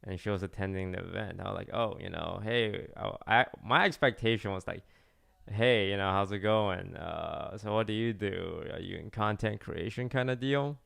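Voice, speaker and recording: A young man tells a casual story, rambling and restarting his sentences and leaning on "like." His voice sits a little low, with a gravelly fry under a smooth, resonant tone. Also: normal speed, a bit bright. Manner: rambling, many restarts and "like" fillers. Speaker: streamer telling a story.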